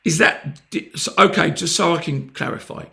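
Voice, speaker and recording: A man's voice: fairly high pitch, moderate pace, vocal fry, bright, forceful tone. A British man making a heated, blunt complaint on a phone call, pressing and sarcastic. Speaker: complaining customer.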